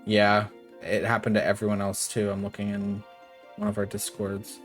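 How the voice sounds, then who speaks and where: A man's voice: on the low side, completely flat delivery, normal speed, faint music behind. A man streaming a game live, chatting casually and sarcastically, swearing freely and reading game dialogue aloud.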